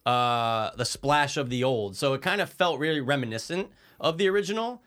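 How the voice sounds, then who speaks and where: A man's voice: medium pitch, expressive, normal speed, fairly bright tone. A man co-hosting a casual movie discussion, talking in a laid-back, meandering way with some swearing. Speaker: podcast co-host.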